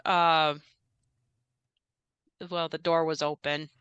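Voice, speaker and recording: Woman doing a nervous rambling house worker, low smooth voice, bright edge. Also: little pitch movement, slow, no echo, lo-fi sound. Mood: hesitant. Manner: hesitant, rambling, many fillers. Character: polite, nervous male house staffer.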